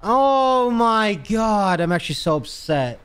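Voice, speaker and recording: A man's voice: sits high, takes it slowly, smooth. A young man streaming, chatting casually with his viewers, swearing and ranting in exasperation. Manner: animated, swearing, exasperated rants. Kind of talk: casual livestream chat.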